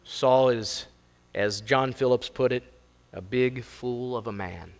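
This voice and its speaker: A man's voice: mid-range voice, slow. A man preaching a sermon as pastor, working verse by verse through scripture in a plain, conversational way. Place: church sanctuary. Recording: long hall reverb.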